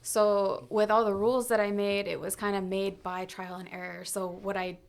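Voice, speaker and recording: A woman tattoo artist from Mohawk territory spanning Canada and the US chats casually as a podcast guest. Her medium-pitched voice is gravelly with little pitch movement and a moderate pace. She laughs often and fills her speech with "like" and "um."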